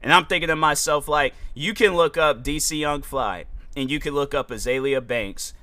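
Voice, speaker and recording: A man's voice: a little high, moderate pace, sharp tone, no echo. A young man hosting a podcast, rambling through a casual commentary monologue with lots of fillers. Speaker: podcast host.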